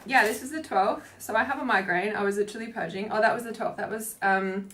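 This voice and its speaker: A woman's voice: medium pitch, fast, fairly bright tone. A woman who is a spiritual coach, talking casually on a livestream in a rambling way, with many fillers and free swearing.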